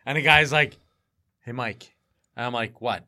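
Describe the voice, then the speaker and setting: Bright-voiced man with dry punchlines. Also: medium pitch, unhurried. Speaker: podcast co-host. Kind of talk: casual comedic chat.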